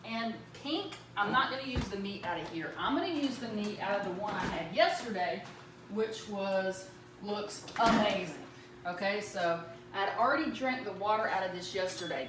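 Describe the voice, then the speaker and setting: A woman talks through a recipe in her home kitchen, chatty and rambling, full of fillers and side remarks. Her voice sits at a middle pitch. The room is echoey, she stands away from the mic, and background noise runs loud. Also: distant mic. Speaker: home cook demonstrating a recipe. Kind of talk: casual cooking demo. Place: home kitchen with running water.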